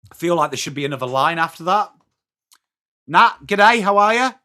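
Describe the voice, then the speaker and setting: Bright, upbeat English man hosting live. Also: fairly high pitch, lively intonation, normal speed, clear, resonant tone. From England. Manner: chatty, upbeat, greeting viewers by name. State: voice starting to go hoarse. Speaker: livestream watchalong host. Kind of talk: live chat reacting to football.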